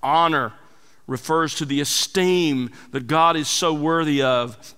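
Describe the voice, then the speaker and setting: A man delivers an expository sermon in a bright, ringing voice with a smooth, resonant tone. He swings between emphatic lifts and quiet, dropped asides. The sound carries a long hall reverb. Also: a little high, slow pace. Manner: emphatic, rising and falling for emphasis. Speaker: pastor.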